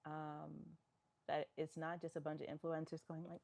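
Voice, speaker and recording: A woman's voice: low voice, monotone, normal speed, creaky, a little mellow. A woman from New York, a fitness live-stream host, chatting casually as she reads viewer comments aloud and answers them.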